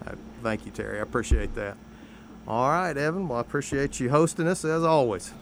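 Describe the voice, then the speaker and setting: A man moderating a city segment on local radio, friendly and brisk. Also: medium pitch, noisy background.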